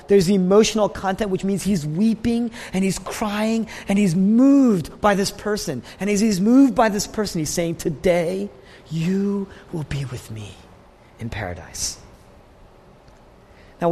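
Preaching man in a reverberant church. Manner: emphatic, rising and falling in pitch and loudness, sometimes dropping to a hush. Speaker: pastor. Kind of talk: sermon. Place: church sanctuary. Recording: long hall reverb.

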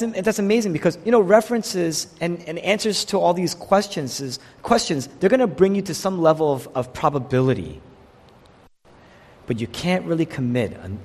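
A man preaching a sermon, delivering it in an animated way and voicing the people he quotes. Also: a little high. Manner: animated preaching, quotes figures in voiced asides. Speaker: pastor. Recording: long hall reverb.

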